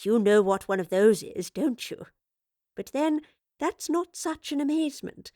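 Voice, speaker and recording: Woman reader playing a flirtatious, unafraid lady professor, lilting and animated. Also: a little high, a little slow, dry recording, clean studio sound. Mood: teasing. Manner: cheeky, flirtatious, fearless. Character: bold, teasing female time-travelling professor.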